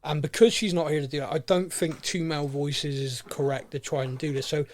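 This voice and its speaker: A man co-hosts a casual podcast chat. His voice sits a touch higher than most men's, and he is animated, often acting out characters' lines mid-sentence. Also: a little fast. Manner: excitable, acts out characters' lines. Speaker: podcast co-host.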